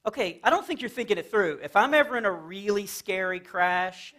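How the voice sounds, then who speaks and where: A man's voice: high-pitched, lively intonation, fairly quick, bright, forceful tone. A man from Texas doing a chatty stand-up comedy set for a church audience, jumping into silly voices for his jokes. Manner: playful, chatty, jumps into silly character voices. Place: church fellowship hall with a live audience.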